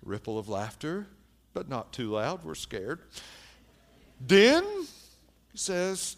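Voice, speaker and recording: A man preaching a sermon, telling a story with lively shifts between hushed and loud delivery. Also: fairly high pitch, slow, gravelly, pauses often. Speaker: pastor.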